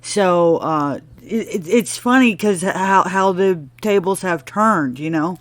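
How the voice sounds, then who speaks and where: A woman's voice: fairly low pitch, slow pace, no room sound. A woman hosting a podcast who recaps a TV episode in a casual, rambling way and goes off on laughing tangents. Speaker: podcast host.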